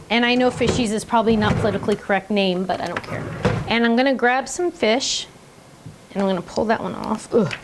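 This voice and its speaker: A bubbly, chatty middle-aged woman leads an online cardmaking lesson, narrating each step as she works. Her voice sits a little high, and there is a faint background noise under it. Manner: chatty, bubbly, talks while working with hands. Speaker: cardmaking class instructor. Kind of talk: online crafting demonstration.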